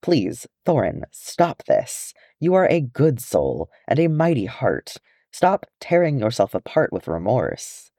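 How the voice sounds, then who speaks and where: A soothing dwarf mother who gently scolds her son for his guilt, put on by a man reading a storybook, her voice rising and falling in lively swings. The reading is close and dry, with no room around it. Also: medium pitch, slow, no room sound, pitched above the performer's own voice, full character voice. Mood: tender. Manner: soothing, earnest.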